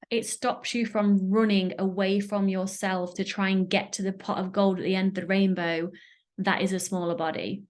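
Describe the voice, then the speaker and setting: A woman with a British accent hosting a solo podcast, talking earnestly and emotionally, often searching for words. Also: mid-range voice. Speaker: podcast host. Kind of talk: candid solo podcast talk.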